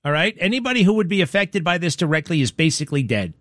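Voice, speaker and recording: An indignant male talk radio host who fires off rhetorical questions and combative opinions. His voice sits a little high and sounds close and dry, with no room around it. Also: very animated, fast, a bit bright, no room sound.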